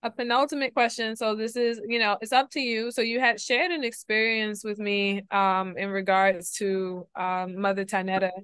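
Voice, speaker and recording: A woman's voice: mid-range voice, flat delivery, moderate pace, hardly any pauses, a bit bright, clear, resonant tone, no echo. A woman host asking interview questions casually, hesitant with many fillers.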